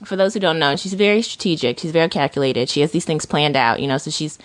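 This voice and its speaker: A woman co-hosting a casual chat podcast, telling stories with animated acted-out quotes. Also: low-pitched, fast, no room sound. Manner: animated storytelling, acts out quoted voices. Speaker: podcast co-host.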